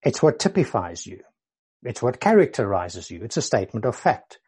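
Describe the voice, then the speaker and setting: An earnest male preacher delivering a sermon, his voice mellow and a little husky. He explains patiently and repeats key phrases to drive each point home. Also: medium pitch, big pitch swings, normal speed.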